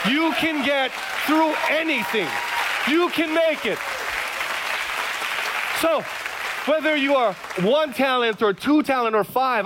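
Man, pastor, high voice, energetic preaching. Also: very noisy. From Hawaii. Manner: energetic, storytelling with dramatic pauses. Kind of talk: sermon.

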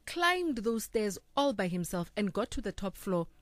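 A woman's voice: medium pitch, normal speed, no room sound. A woman hosting a casual talk discussion, acting out quotes as she makes her points. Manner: animated, acts out quotes. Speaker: talk show host.

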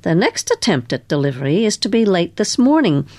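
A woman's voice: fairly low pitch, sing-song, a little fast, darkish tone. A woman voicing a chatty male office worker who relishes passing on gossip. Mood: gossipy.

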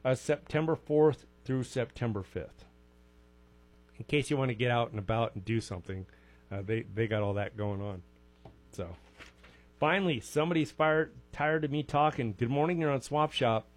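A man's voice: mid-range voice, normal speed, faint music behind. A man hosting a local call-in radio show, chatting casually and reading out event listings with wry asides.

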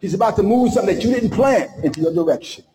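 High-voiced impassioned male preacher, echoey. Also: animated, dark tone. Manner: impassioned, preaching with dramatic pauses and acted-out quotes. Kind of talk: sermon.

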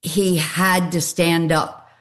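A woman speaking from her home in an interview, slow and earnest with hesitations. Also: on the low side, level tone. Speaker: interviewee, nonprofit founder. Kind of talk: casual interview answers.

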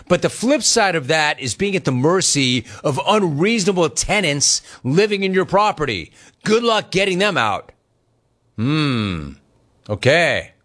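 A middle-aged man hosting a talk show, reading listener gripes aloud and teasing callers. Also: fairly high pitch. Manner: teasing, animated, mock-outraged. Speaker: radio talk show host. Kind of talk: reading listener messages on live radio.

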